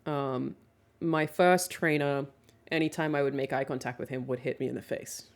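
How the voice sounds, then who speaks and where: Her voice sits extremely low, with fairly even intonation and a moderate pace. She's a young woman streamer chatting casually with viewers and reading their questions aloud, swearing freely, laughing often, and using plenty of "um"s.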